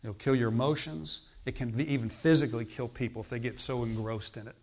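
A man's voice: mid-range voice, fairly even intonation, fast. A male preacher delivering a sermon in a mid-range voice. He talks to the congregation as if in conversation, asks them questions and breaks into emphatic exclamations.

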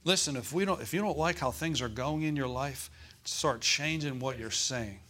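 In a church, a male pastor preaches a sermon, calling out to the congregation and slowing down to emphasize scripture verses. His voice is medium-pitched, pushed, and bright.

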